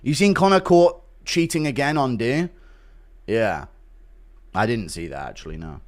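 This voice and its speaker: A man's voice: medium pitch, lively intonation, normal speed. A man streaming and chatting casually with viewers, joking crudely and swearing freely.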